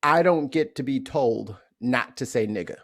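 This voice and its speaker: A man from St. Louis speaks as a podcast guest at a mid-range pitch. He tells his stories bluntly and with profanity, stumbling over restarts as he gathers his thoughts. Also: moderate pace. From St. Louis, USA. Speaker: interview guest. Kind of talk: candid storytelling in a podcast interview.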